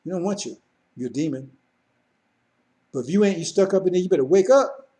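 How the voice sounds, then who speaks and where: A man's voice: high-pitched, lively intonation, brisk, dark tone. Emphatic man preaching. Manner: emphatic, repetitive, addresses listeners directly. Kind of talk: sermon.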